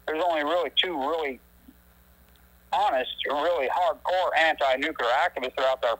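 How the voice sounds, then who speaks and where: A man talking as an activist guest in a casual phone conversation, animated and emphatic, ranting with rising indignation. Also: on the high side, normal speed, poor audio. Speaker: anti-nuclear activist guest.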